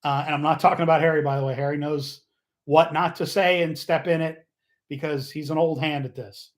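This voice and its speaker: A man's voice: fairly high pitch, steady tone, a little fast. Rambling, fired-up male livestream host. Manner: rambling, joking, loses train of thought; gets loud and fired up. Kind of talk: casual livestream chat.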